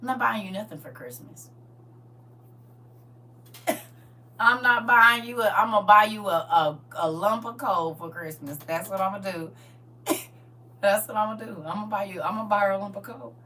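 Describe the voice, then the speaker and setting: Bright-voiced woman laughing through stories. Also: mid-range voice, normal speed, pauses often. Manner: animated, laughing, colloquial storyteller who talks straight to viewers. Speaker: livestream host. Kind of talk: casual storytelling chat. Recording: distant mic with faint hum.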